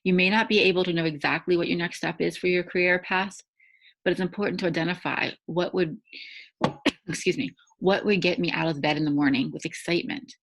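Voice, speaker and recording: A woman's voice: on the low side, fairly even intonation, brisk, a bit bright, low-quality recording. A woman hosting a faith-based challenge, giving a devotional teaching talk in a conversational way and often checking in with tag questions.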